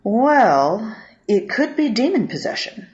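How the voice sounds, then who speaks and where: A woman's voice: on the high side, big pitch swings, takes it slowly, darkish tone, pitched above the performer's own voice. Fussy jittery priest guy, swoops up a lot, woman putting him on, dull lo-fi sound. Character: excitable fussy male parish priest. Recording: dull lo-fi audio.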